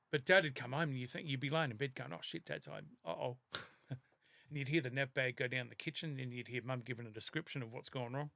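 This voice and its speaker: An Australian man in his fifties, a podcast guest telling lively stories in casual chat and laughing often. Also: medium pitch, creaky, no room sound. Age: 50s.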